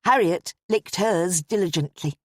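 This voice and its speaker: A woman reading an audiobook in a measured, even narration style. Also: on the low side, no echo. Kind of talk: scripted narration.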